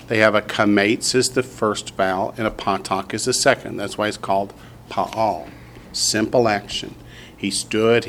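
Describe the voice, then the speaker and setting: Southern guy teaching a class, slow patient drilling, bit of hiss in the room. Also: on the low side, a bit bright. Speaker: Hebrew teacher. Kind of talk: classroom language lesson.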